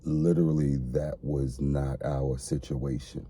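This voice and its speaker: A man's voice: extremely low pitch, level tone, unhurried, mellow, slightly rough. A man co-hosting a casual podcast conversation, speaking earnestly and repeating phrases as he explains. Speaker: podcast co-host.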